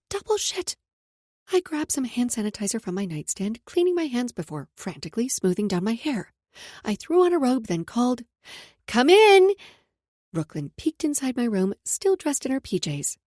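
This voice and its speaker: A woman's voice: on the high side, dark tone, dry recording. A woman narrating a romance audiobook in an intimate first-person voice that drops to a whisper in close passages.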